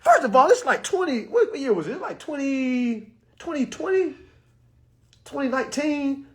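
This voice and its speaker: Man, high voice, swinging pitch, casual profane storyteller talking straight to his viewers. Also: moderate pace. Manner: animated, profane, addresses viewers as y'all. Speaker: vlogger.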